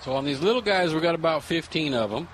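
A man's voice: on the high side, lively intonation, fast talker, fairly bright tone, slight background noise, poor audio. A man, a plant nursery manager, explaining plainly on a radio show. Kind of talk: casual radio chat.

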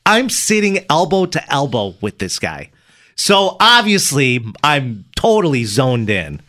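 Male morning show host, casual storyteller, a little high, very dry booth sound. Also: measured pace, no room sound. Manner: animated, laughing storyteller.

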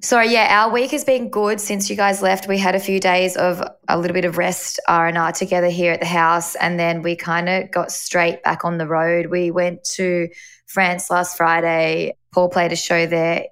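Relaxed woman telling travel stories. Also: fairly low pitch, normal speed, clean tone. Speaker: podcast co-host. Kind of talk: casual chat.

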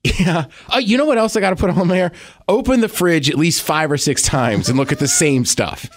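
A man's voice: a little high, animated, a little fast. A young adult man co-hosting a podcast, teasing and laughing in casual chat. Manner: laid-back, teasing, laughs often. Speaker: podcast co-host.

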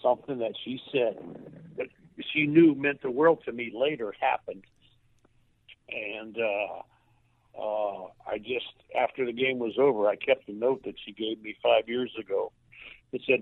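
An older man, a former baseball coach, tells a moving personal story in a halting way, repeating words as he is moved to tears. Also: medium pitch, steady tone, no room sound. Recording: tinny phone line.

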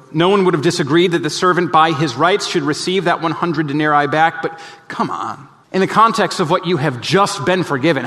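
A man preaching a sermon as pastor, earnest and emphatic, often dropping soft and low to press a point. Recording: long reverb of a large hall.

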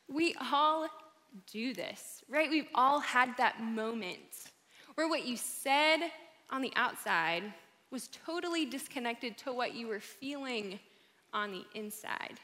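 Bright-voiced woman speaking in a hall. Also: high-pitched, slow. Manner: upbeat, encouraging, conversational. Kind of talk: live talk to an audience. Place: large room with an audience. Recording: hall reverb.

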